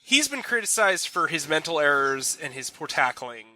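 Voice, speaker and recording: A young man co-hosting a football recap show talks in fast, animated bursts, full of restarts. His voice is very bright and a touch high, recorded close and dry. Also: dry recording. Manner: animated, rapid with frequent restarts. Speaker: sports reporter co-host. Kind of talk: casual sports analysis chat.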